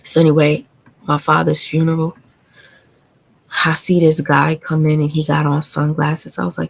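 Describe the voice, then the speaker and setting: A woman's voice: low-pitched, completely flat delivery, moderate pace, creaky, long pauses, breathy edge, rough recording. A woman hosting a live stream, telling a painful family story in a candid, confiding and profane way. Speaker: livestream host.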